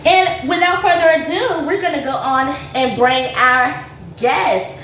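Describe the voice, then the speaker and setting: A chatty woman hosts a casual home cooking stream, speaking a bit high and talking straight to her viewers. Her voice sits away from the mic in an echoey kitchen, with faint noise behind her. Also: unhurried, a bit bright, recorded from a distance. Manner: chatty and upbeat, addressing viewers as y'all. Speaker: host of a home cooking show. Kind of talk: casual livestream cooking chat.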